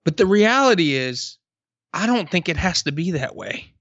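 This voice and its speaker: A man talking casually on a podcast, telling stories with emphatic, drawn-out stresses. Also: on the high side, very animated, fairly bright tone, no room sound, dull audio.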